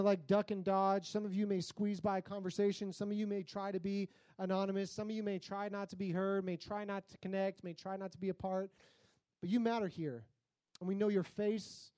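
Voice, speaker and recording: A male pastor preaching a sermon in a conversational, storytelling way, sometimes breaking into loud comic outbursts. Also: high voice, no echo.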